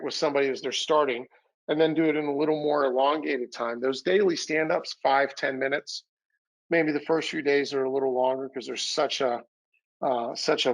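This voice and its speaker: Over a video call, a man gives a sales training webinar, coaching energetically and acting out quoted dialogue, though he's a little winded as he recovers from illness. His voice is medium-pitched with fairly even intonation and a moderate pace, and the audio is poor.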